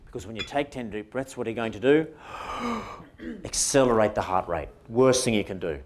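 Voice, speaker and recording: A man's voice: on the low side, a little hiss or hum. A man with an Australian accent giving an interactive workshop presentation to a conference audience, often putting questions to the room.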